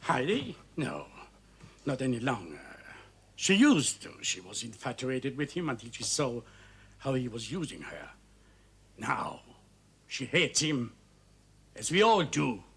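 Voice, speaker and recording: A husky, anxious Swiss cafe owner. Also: male voice, medium pitch, big pitch swings, unhurried, long pauses, fairly bright tone, full character voice. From Switzerland. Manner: anxious, pleading, earnest. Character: worried middle-aged Swiss cafe owner, a father. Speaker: village cafe owner and father. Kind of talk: 1970s TV crime drama acting.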